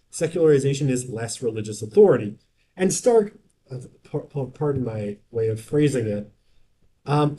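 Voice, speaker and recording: A male lecturer talks to his class in an easy, conversational way. He keeps asking "right?" as he goes and breaks off for joking asides. His voice sits at an ordinary middle pitch for a man. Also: warm tone. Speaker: university lecturer. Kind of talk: casual university lecture.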